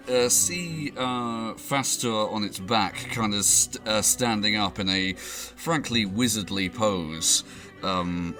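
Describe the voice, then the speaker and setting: Guy dm'ing a tabletop game, lots of ums, pitch all over the place. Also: sharp tone. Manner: rambling, lots of fillers and laughs. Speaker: game master.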